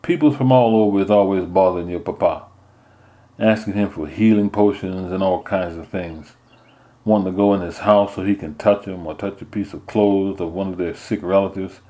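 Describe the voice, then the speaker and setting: A man's voice: sits low, moderate pace, warm tone, natural voice. A man voicing a big, stern Louisiana mother who scolds firmly and talks in drawling folk speech.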